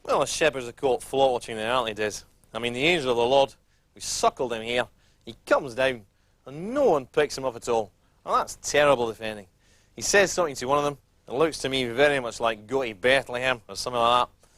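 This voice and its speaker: A man's voice: mid-range voice, expressive, brisk, fairly bright tone, dry recording, lightly acted. A man doing a dry, critical football pundit. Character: critical male football pundit analysing defending.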